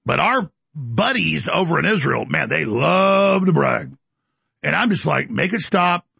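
A man hosts a talk show and rants through a boastful political monologue. His voice is high and swings widely, with a very gravelly, husky edge and a sharp, forceful tone. He slips into mocking voices as he goes. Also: big pitch swings, a little slow, no room sound. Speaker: commentary show host.

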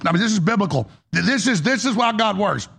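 A gravelly, raspy man hosts a live talk broadcast. His voice sits high and is pushed hard and bright. He is middle-aged, urgent and excitable, and he keeps repeating himself. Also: quick pace. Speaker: talk show host.

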